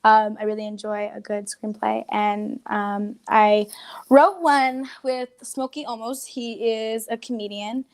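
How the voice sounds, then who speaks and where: A woman's voice: a little high, little pitch movement, unhurried, smooth. A teenage girl, a young comedian, chatting in an interview in a giggly, rambling way. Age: teens. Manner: giggly, rambling, slips into mimicked voices. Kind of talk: casual interview chat.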